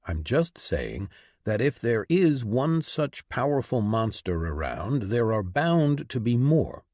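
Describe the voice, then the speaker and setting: A man's voice: mid-range voice, very animated, slow, a little mellow, no echo, studio quality. A man reading an audiobook, voicing a practical young man who reasons firmly. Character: level-headed young man, firm and practical.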